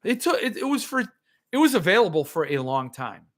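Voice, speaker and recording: A man's voice: high-pitched, big pitch swings, a little fast, fairly bright tone. A man hosting a livestream, ranting sarcastically and answering viewer comments in casual chat. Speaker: podcast host.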